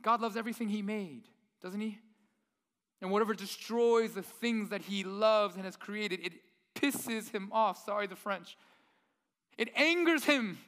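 A man's voice: high voice, unhurried, fairly bright tone, big-room sound. A man preaching a sermon in a conversational way, often putting rhetorical questions to the audience. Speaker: pastor.

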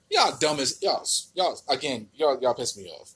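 A man's voice: mid-range voice, sing-song, normal speed, a bit bright, husky. A man with an American accent hosting a podcast, ranting in a casual, exasperated and profane way with many restarts. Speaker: podcast host.

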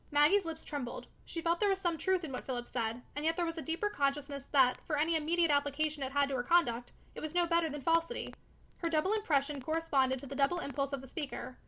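A woman narrating a classic novel aloud at a brisk, steady pace. Her voice is high and bright and keeps moving quickly through the prose. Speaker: audiobook reader.

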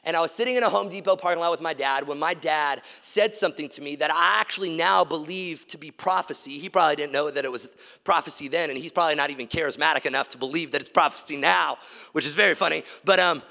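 A man preaching a sermon, swinging between loud emphasis and hushed, quiet passages. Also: a little high, fast talker, vocal fry, long reverb tail. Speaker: pastor.

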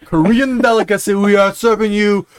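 A man's voice: sits high, steady tone, normal speed, smooth. A man co-hosting a podcast in casual banter, telling rambling, profane stories with lots of laughing. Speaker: podcast co-host.

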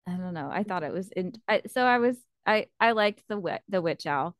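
A woman in a casual book chat, retelling scenes with a chatty, animated manner and frequent laughter. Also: medium pitch, a little fast, no room sound, clean studio sound. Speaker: book discussion co-host.

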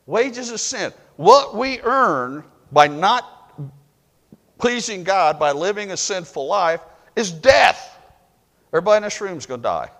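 A male pastor preaching a folksy, emphatic sermon in a church, moving between quiet, low lines and loud, emphatic ones. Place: church sanctuary. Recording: reverberant church hall.

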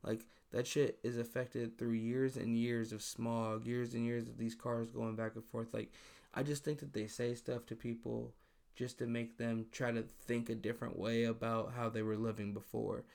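Gravelly man ranting on his podcast. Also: medium pitch, flat delivery, moderate pace, a little mellow. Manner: profane, ranting and exasperated. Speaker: podcast host. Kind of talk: casual solo podcast monologue.

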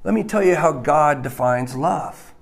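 Male pastor mid-sermon, measured and unhurried, emphatic with dramatic drops to a hush. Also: lively intonation, creaky. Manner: emphatic, swings between loud stresses and hushed low lines.

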